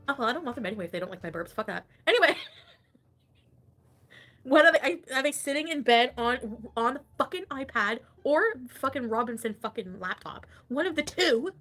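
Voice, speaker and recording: A woman's voice: on the high side, fairly bright tone. A woman streamer in casual livestream chat, gossiping with lots of giggles, swearing and "like" fillers. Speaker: online streamer.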